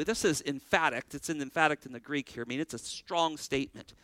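A man's voice: a little high, brisk, sharp tone, no echo, rough recording. A male pastor preaching a sermon, earnestly putting questions to his congregation.

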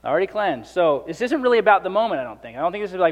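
A man's voice: sits high, big pitch swings, very fast, in a large hall, lo-fi sound. A man preaching a sermon in a conversational way, acting out the speakers in the passage. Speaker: pastor.

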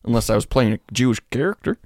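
A man's voice: mid-range voice, lively intonation, fast, darkish tone, no echo, clean studio sound. A man co-hosting a comedy podcast, trading provocative jokes in casual banter. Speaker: podcast co-host.

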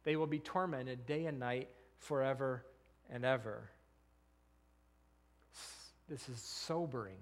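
A man's voice: mid-range voice, slow, pauses often. A man pastor preaching a sermon in an earnest style, often repeating words and posing rhetorical questions.

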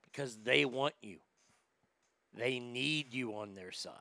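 A man's voice: medium pitch, slow, gravelly, pushed and bright, no room sound. A male comedian hosting a livestream, reading chat aloud and ranting in a blunt, profane way. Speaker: comedian host.

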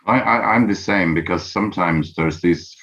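Deep husky man, muffled sound. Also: normal speed, fairly bright tone. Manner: stammering restarts, storytelling energy. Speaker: audiobook narrator. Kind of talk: animated interview talk. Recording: dull lo-fi sound.

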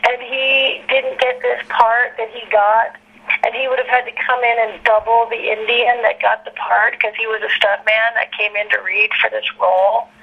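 Gravelly-voiced woman telling rambling stories. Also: fairly high pitch, little pitch movement, normal speed, muffled recording. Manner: rambling, chatty, laughs often, many fillers. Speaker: actress guest. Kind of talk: candid interview storytelling.

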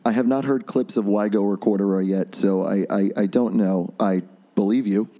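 A man's voice: fairly low pitch, fairly even intonation, moderate pace, warm tone. A man co-hosting a casual podcast, easygoing and wry, agreeing often and teasing his partner. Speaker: podcast co-host. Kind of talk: casual chat.

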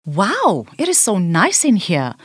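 A woman voicing a curious, excitable little boy who asks eager questions in a high, bouncy voice. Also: slow pace, breathy edge, dry recording, studio quality, exaggerated voice.

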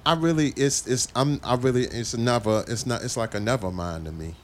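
A man's voice: medium pitch, fairly quick, a little hiss or hum. A man in a casual podcast chat who hesitates and restarts his sentences when he is pressed.

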